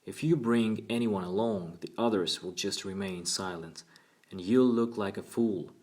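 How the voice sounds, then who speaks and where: Man putting on upper-class British accent, crisp, clipped, disdainful, barely moves the jaw, audiobook. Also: lowish voice, unhurried, darkish tone.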